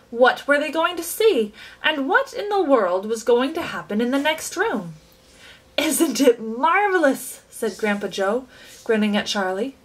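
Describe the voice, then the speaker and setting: A woman reading a children's book aloud with expressive, animated storytelling. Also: high voice, rough recording. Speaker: reader.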